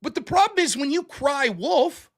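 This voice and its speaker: A man's voice: very high-pitched, very animated, normal speed. A man hosting a show, delivering a blunt, profane, sarcastic political commentary rant. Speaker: show host.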